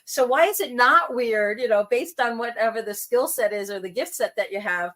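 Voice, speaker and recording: A middle-aged woman from New York talking casually, telling animated stories and acting out the voices of people she quotes. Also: a little high, moderate pace. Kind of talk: casual conversation.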